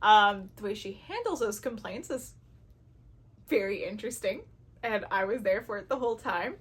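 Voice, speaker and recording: A woman's voice: mid-range voice, expressive, moderate pace, slightly rough. A woman chatting casually to camera about books she loves, gushing and acting out her own reactions. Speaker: book reviewer.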